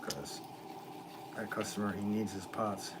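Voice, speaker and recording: A man's voice: on the low side, a little slow. A man who is a potter, chatting casually on a livestream from his pottery studio, rambling with many ums and restarts. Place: pottery studio with fans running. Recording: clear fan noise behind the voice.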